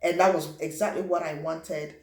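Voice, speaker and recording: Young woman, from Africa, personal storytelling, animated, roomy echo. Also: low voice, moderate pace. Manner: animated, acts out quotes and sound effects. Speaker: vlogger.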